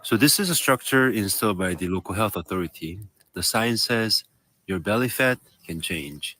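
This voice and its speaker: A man in a played clip, calmly explaining a sign and a structure in a deadpan way. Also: lowish voice, moderate pace.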